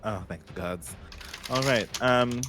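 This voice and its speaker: A man chatting casually as a player in a tabletop game, rambling with quick jokes and asides. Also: mid-range voice, a bit bright, slight background noise.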